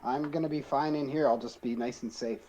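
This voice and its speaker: A man's voice: medium pitch, fairly even intonation, fairly quick, mellow, rough recording. A man playing a character in a tabletop role-playing game, drawling and sarcastic. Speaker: player. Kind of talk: casual role-play as a player character.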